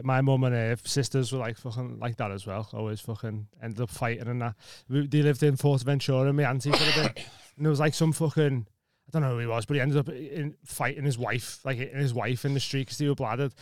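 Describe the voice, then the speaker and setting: A man's voice: mid-range voice, steady tone, brisk, no room sound, studio quality. A man chatting casually and swearing freely. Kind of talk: casual chat.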